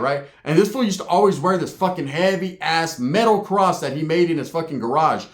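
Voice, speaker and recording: A man with a slightly high voice tells a rowdy comic story from the streets. He swears freely and keeps checking in with "right?". The sound is echoey, as if recorded in a bare room. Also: brisk. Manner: profane, tags lines with "right?".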